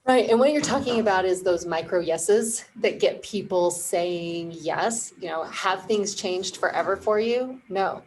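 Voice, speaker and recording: A woman who founded a marketing firm, a podcast guest explaining ideas in clear, confident steps. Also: mid-range voice, unhurried, hardly any pauses, a little mellow, poor audio. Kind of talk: casual interview explanation.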